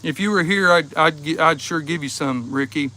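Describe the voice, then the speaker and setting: A man's voice: a little high, moderate pace, bright, forceful tone. Laid-back man chatting outdoors. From Ohio, USA. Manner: laid-back, chuckling often, easygoing and joking. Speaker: livestream host. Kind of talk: casual livestream chat. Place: outdoors behind the house, with insects.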